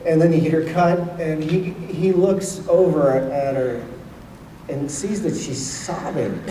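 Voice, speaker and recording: Rambling man telling a story, slow. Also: a little high, warm tone. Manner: rambling storyteller, many fillers. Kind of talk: anecdote to an audience. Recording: roomy hall, far from the mic, faint noise.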